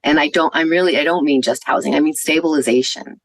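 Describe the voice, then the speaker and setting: A woman's voice: deep voice, steady tone, fast, gravelly, dry recording, low-quality recording. A woman physician, giving an earnest conference talk and telling stories with some fillers. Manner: earnest, warm storytelling with fillers. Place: conference venue.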